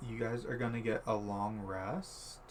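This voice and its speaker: A man's voice: lowish voice, fairly even intonation, a little slow, a little hiss or hum. A man narrating as game master of a tabletop game, laid-back, with many fillers and easy laughs.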